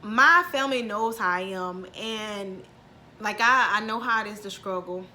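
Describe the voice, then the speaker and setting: A woman's voice: mid-range voice, unhurried, sharp tone, slight background noise. A woman in her thirties chatting to her viewers from home, heartfelt and close to tears, with a lot of "y'all". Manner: heartfelt, says y'all often, near tears. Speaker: vlogger. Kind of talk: emotional casual chat to viewers.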